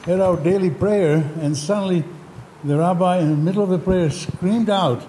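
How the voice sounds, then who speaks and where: This man's voice sits high and sounds warm, moving at a moderate pace over a little hiss or hum. Speaking on a lecture-hall panel, he fumbles with frequent ums, tells a joke, and raises his voice once the mic fails.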